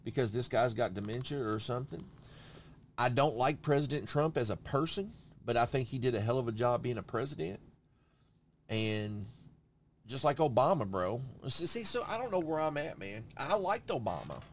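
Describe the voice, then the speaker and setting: A man's voice: medium pitch, lively intonation, normal speed, a little hiss or hum. A young man chatting casually on a podcast, swearing freely and saying "bro" often. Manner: swears a lot, says "bro" and "you know what I'm saying". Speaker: podcast host. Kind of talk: casual chat.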